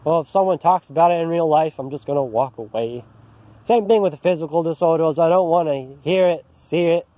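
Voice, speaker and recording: A man's voice: on the high side, brisk, mellow, dry recording, muffled recording. A man venting in an agitated, frustrated rant to camera, outdoors in an empty park, often restarting his sentences. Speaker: vlogger. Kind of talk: angry personal rant to camera.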